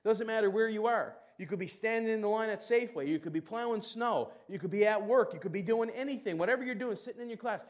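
A middle-aged man with a fairly high voice delivers a lively sermon. He talks animatedly to his congregation and sometimes slips into a mocking, whiny voice to act out prayers. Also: quick pace, hardly any pauses. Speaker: preacher.

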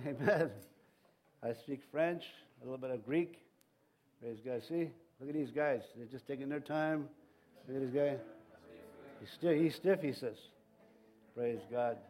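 A man's voice: medium pitch, measured pace, long pauses, darkish tone. A middle-aged man, preaching a sermon in a church, rambling and folksy, with many restarts and fillers. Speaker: pastor. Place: church sanctuary.

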